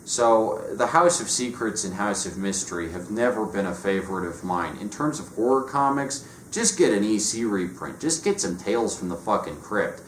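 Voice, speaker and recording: Sardonic man, low-ish voice, profane rant, echoey room. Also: lively intonation, normal speed, hardly any pauses. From United States. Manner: sarcastic, profane, dismissive. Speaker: comic book reviewer. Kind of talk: casual rant review. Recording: echoey room with faint noise.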